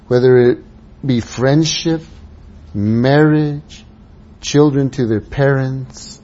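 A man preaching a sermon, dropping to soft low asides and rising to raised, urging exhortation. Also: slightly rough. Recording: dull lo-fi sound.

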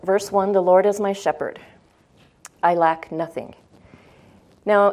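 A woman's voice: lowish voice, a little mellow. A woman teaching a Bible study in a conversational way. She often checks in with her listeners and repeats phrases for emphasis.

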